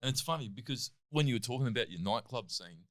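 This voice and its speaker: An Australian man in his thirties, an athlete and comedian, tells stories as a guest in a casual interview. His medium-pitched voice moves fast and animatedly, full of "like" and "I'm like."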